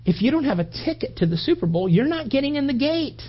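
Speaking fast in a high voice, a preacher delivers a sermon full of animated stories. He acts out the voices he quotes, frequently restarting and repeating words as his points build. It comes through a dull lo-fi recording.

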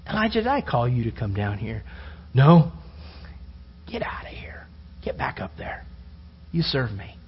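A man preaching, voicing God as firm, hushed and commanding, on a dull lo-fi recording. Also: sits high, steady tone, fairly quick. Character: God speaking to a prophet, firm and fatherly.

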